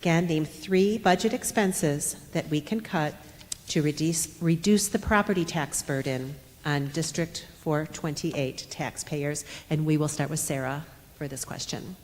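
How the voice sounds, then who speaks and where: Deep-voiced woman moderator, formal and deliberate, reverberant hall. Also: darkish tone, slight background noise. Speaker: forum moderator. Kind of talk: reading questions.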